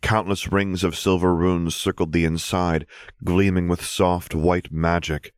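A man reading a fan fiction story aloud as an audiobook narrator, steady and measured. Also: sits low, clean tone, no room sound, studio quality.

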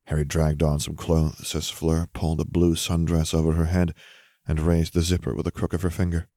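A man narrating an audiobook in a steady, measured way. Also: rumbling low, no echo, studio quality.

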